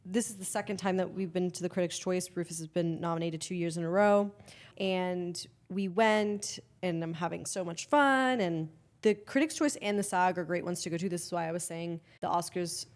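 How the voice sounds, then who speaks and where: A woman's voice: lowish voice, normal speed. Rambling, swearing woman. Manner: emotional, rambling storytelling with many restarts; swears freely. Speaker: guest. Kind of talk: casual podcast chat.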